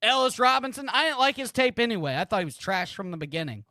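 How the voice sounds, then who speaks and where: A man's voice: high-pitched, very animated, fast, pushed and bright, dry recording, clean studio sound. A man in his thirties hosting a live football watch-party stream, ranting about a player in a repetitive, profane way. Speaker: sports streamer host.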